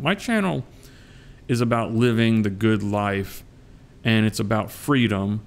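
A man's voice: lowish voice, gravelly. A middle-aged man with a Southern US accent, chatting casually and joking with his viewers as a coin collecting vlogger. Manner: joking, drawn-out, addresses viewers as guys. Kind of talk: casual rambling chat.

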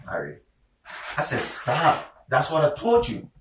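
A man's voice: on the high side, huge pitch swings, a little slow, noisy background. An actor with a Liberian English accent playing an evasive married man, defensive and pleading with both his wife and his mistress. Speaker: married husband. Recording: echoey room.

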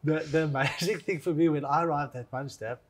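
A man from South Africa co-hosts a relaxed conversation. His voice sits a little higher than usual. He jumps in eagerly and trips over repeated words as he shares his own stories. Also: brisk, a little hiss or hum. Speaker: co-host, former rugby player. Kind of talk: casual interview chat.

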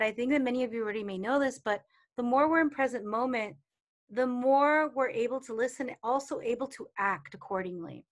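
A woman's voice: medium pitch, a bit bright. A woman coaching on intuition in a casual teaching talk, expressively acting out inner voices and quoted people. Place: online community replay session.

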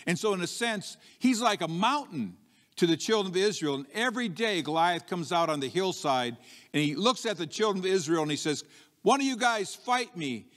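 A man preaching from the pulpit with a slightly high voice, his words trailing into the long reverb of a church hall. He talks like a storyteller, circling back and restarting, then jumps up in pitch to act out bold, defiant lines. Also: animated, brisk, fairly bright tone. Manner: frequent restarts and "you know" asides, conversational. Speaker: pastor. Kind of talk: sermon. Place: church sanctuary.

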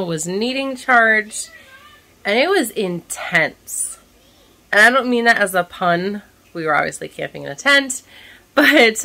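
A stay-at-home mom vlogs while cooking at home, chatting casually and telling a story with lots of animation. Her voice is scratchy and hoarse, at a medium pitch.

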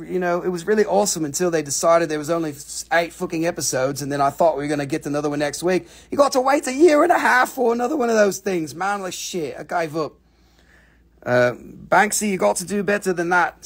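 Higher-voiced male host of a live mineral sale, loose and profane, goofing with fake accents. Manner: joking, profane banter with playful put-on accents. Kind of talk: casual live sales stream.

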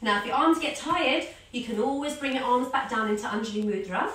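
A woman leading a children's yoga class as a story, giving animated, sing-song encouragement. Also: a little high, fairly quick, distant mic. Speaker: kids yoga teacher. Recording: echoey room, voice off-mic.

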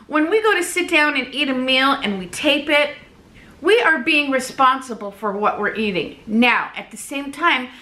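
A woman vlogger chatting casually to her camera, animated and talkative, often laughing. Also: sits high, moderate pace. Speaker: weight-loss vlogger.

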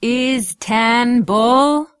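A woman voicing a portly middle-aged English gentleman who talks slowly, loudly and with bluster. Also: on the low side, dry recording, studio quality, close to an everyday voice.

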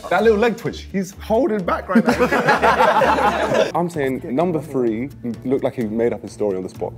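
A man co-hosting a casual group game, reacting excitably and laughing often. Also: on the high side, unhurried, over loud music. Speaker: co-host.

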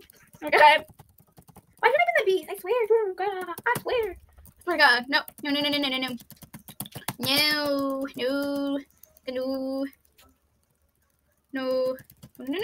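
Brief: high, bright-toned woman, excitable let's-play commentary, frantic repeated pleas. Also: unhurried, long pauses. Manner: thinks aloud, with frequent "let's see" and "I don't understand". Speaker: YouTuber playing an online game. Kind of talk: casual gameplay commentary.

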